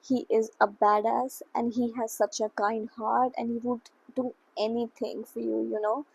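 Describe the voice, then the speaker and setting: A woman's voice: on the high side, level tone, normal speed, creaky, darkish tone, breathy edge, low-quality recording. A young woman talking casually about books in a chatty, gushing, rambling way. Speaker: book vlogger. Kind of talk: casual chat.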